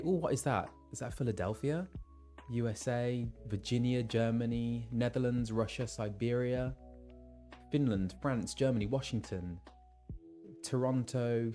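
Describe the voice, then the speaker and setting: Slow-talking guy chatting with his stream chat, reading out where everyone's from, faint music behind. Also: medium pitch, a little mellow. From England. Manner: chatty, reading out viewer locations. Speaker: voice actor streaming a game. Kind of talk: casual live-stream chat.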